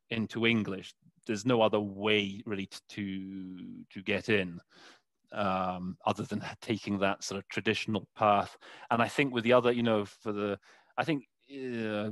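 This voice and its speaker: Interpreter guest, male, lowish voice, hesitant and full of fillers, dry close sound. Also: a bit bright, no echo. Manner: halting, searching for words with many fillers. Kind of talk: conversational interview.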